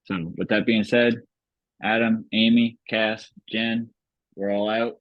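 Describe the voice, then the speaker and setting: A man's voice: on the low side, little pitch movement, slow pace, dry recording, lo-fi sound. A man hosting a podcast, chatting casually and jokingly on a group call, with plenty of filler words. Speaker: podcast host.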